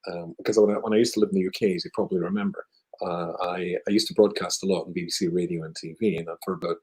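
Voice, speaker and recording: A man's voice: sits low, steady tone, rapid-fire, darkish tone, poor audio. Wry Scottish man telling stories. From Scotland. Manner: wry, self-deprecating humour. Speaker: guest speaker. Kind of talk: conversational storytelling.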